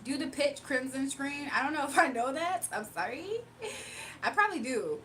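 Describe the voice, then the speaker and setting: A woman's voice: high-pitched, expressive, normal speed, a bit bright, a little hiss or hum. A woman from Virginia hosting a live stream, chatting casually, reading viewer comments, and teasing them playfully with frequent laughter. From Virginia, USA. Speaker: livestream host.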